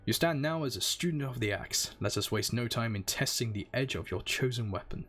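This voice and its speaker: A man's voice: mid-range voice, animated, brisk, a bit bright. A man voicing a stern male axe guild master in a formal, declamatory way, reading game dialogue aloud. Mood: grandiose.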